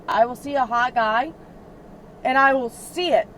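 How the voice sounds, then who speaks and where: A woman's voice: sits high, unhurried, fairly bright tone, low-quality recording. A woman in her twenties, a rideshare passenger, venting in a heated, profane, filler-heavy way during a casual chat inside a car. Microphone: in-car cabin camera. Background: faint vehicle road noise.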